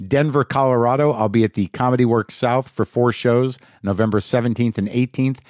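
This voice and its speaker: A man's voice: mid-range voice, fairly even intonation, a little fast, darkish tone, no echo. A middle-aged man hosting a podcast, talking in a rambling, wry monologue full of restarts. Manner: rambling, self-interrupting, wry. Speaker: podcast host. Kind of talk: casual monologue.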